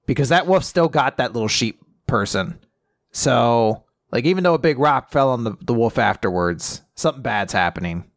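A man's voice: medium pitch, no room sound, clean studio sound. A man co-hosting a podcast, chatting casually and acting out quotes with bursts of laughter. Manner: animated retelling with quick acted-out quotes and laughter. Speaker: podcast co-host. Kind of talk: casual manga discussion.

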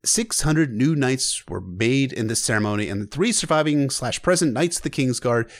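Lively casual male book narrator. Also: medium pitch, normal speed, dry recording, studio quality. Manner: casual asides and swearing.

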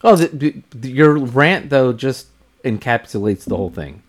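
A man co-hosting a casual podcast, talking in a calm, reflective way and thinking aloud. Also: medium pitch, measured pace. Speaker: podcast co-host.

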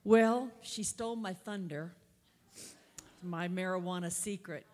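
A woman's voice: fairly low pitch, unhurried, darkish tone. A woman speaks at a church conference in a folksy, storytelling way. Her voice has a long reverb from the large hall. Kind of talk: testimony and church talk. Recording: echoey hall.

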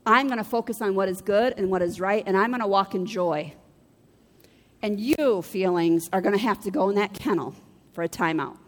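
A woman pastor preaches in a bright, high voice. She talks to the congregation directly and acts out the voices she quotes. A long reverb from the church hall trails each phrase. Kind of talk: sermon.

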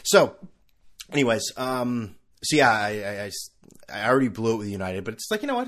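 Male podcast host, solo comedic rant, sarcastic asides, lively swooping pitch. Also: a little fast. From California. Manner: animated ranting with sarcastic asides.

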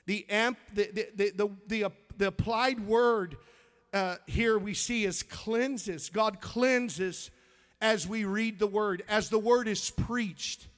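A man preaches with an emphatic, high voice, stumbling and restarting as he finds his verses. The church around him leaves a long reverb on every word. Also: fairly bright tone. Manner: emphatic, reads scripture aloud with halting restarts. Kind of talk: sermon.

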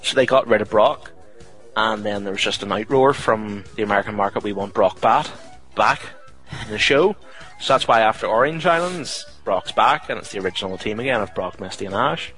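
A man's voice: lowish voice, brisk, fairly bright tone, husky, soft background music, low-quality recording. A young man, a podcast host chatting casually and jokily, rambling with fillers. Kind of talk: casual chat.

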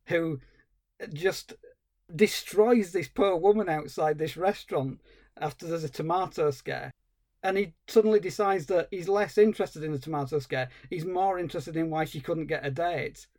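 A man co-hosting a film podcast, chatting casually and retelling scenes with animated enthusiasm. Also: on the high side. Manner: animated storytelling, acting out scenes. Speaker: podcast co-host.

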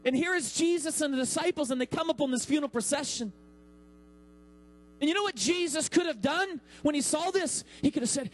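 A man in his thirties preaches a sermon from the pulpit in a very high voice. He builds his points with dramatic pauses and acts out the quotes he tells. A mains hum runs faintly under the recording. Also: lively intonation, low-quality recording. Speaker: pastor.

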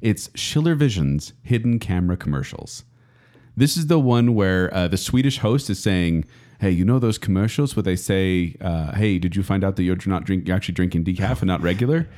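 A man co-hosting a casual podcast chat, lively and acting out quotes as he retells comedy sketches. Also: low voice, a little fast. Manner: animated, acts out quotes while retelling. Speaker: podcast co-host.

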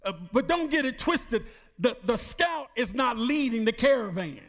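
A middle-aged male pastor preaching a sermon, reading scripture slowly and calling out questions to the congregation. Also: very high-pitched, animated, fairly bright tone. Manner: reads scripture slowly with emphasis.

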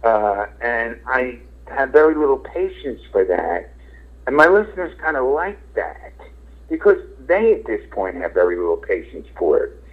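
A man's voice: medium pitch, big pitch swings, moderate pace, breathy edge. A middle-aged man, a radio host and comedian, talking casually and frankly in an interview, rambling with lots of fillers and casual swearing. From Philadelphia. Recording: tinny phone-like radio sound.

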